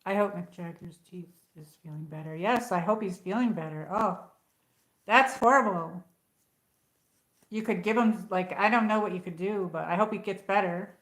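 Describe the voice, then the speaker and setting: A woman's voice: medium pitch, moderate pace, fairly bright tone. A woman hosting a casual livestream from home, rambling and chatty as she greets viewers by name. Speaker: livestream host. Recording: echoey room.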